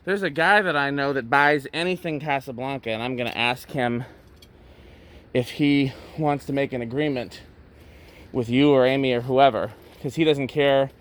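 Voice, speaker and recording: A man chatting casually while filming in a thrift store stockroom, out of breath, excited and thinking aloud. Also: medium pitch, normal speed. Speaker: vlogger, ceiling fan collector. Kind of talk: casual walk-through chat.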